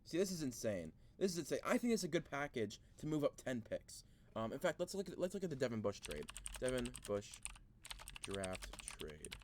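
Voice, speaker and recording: A man's voice: medium pitch, very animated, moderate pace, a little mellow, slight background noise. A man hosting a casual sports video, thinking aloud through a mock draft, rambling and easily frustrated, with many restarts.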